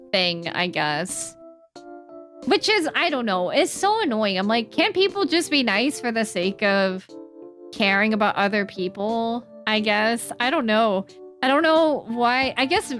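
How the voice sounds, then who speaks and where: A woman's voice: medium pitch, fairly bright tone. A young woman streaming, chatting with her viewers in an earnest way and breaking into playful silly noises. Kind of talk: casual chat with stream chat. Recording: faint music behind the voice.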